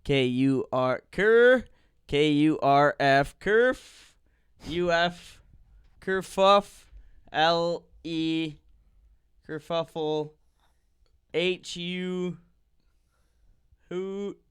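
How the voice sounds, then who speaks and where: Slow, halting man spelling out loud. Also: on the high side, steady tone, clean tone, dry recording, studio quality. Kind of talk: casual podcast banter.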